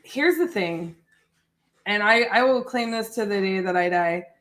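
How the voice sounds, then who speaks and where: A woman's voice: mid-range voice, a little slow, a bit bright. Chatty woman, midwest and southern accent mixed, rambly friendly livestream host. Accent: mix of Midwestern and Southern US. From Northwest Ohio, raised in Texas from age eleven. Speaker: real estate wholesaler and livestream host. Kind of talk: livestream chat and sales phone call.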